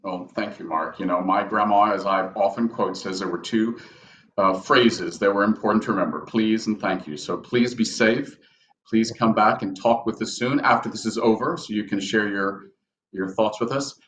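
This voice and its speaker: A man's voice: lowish voice, moderate pace, a bit bright, slight background noise. A man co-hosting a live stream, talking casually in a gracious, hesitant way and thanking his guest. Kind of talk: casual conversational talk.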